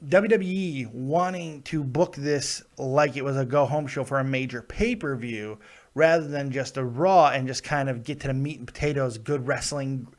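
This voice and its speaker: A man's voice: mid-range voice, normal speed. Ranting male wrestling podcast host. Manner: ranting, profane, laughs often. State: getting sick, plugged ears. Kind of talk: live wrestling review show.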